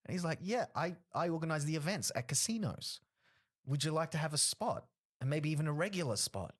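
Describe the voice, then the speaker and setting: Animated man telling stories. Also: fairly high pitch, fairly quick. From Australia. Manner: animated storyteller acting out other people's lines. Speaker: comedian guest. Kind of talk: casual podcast chat.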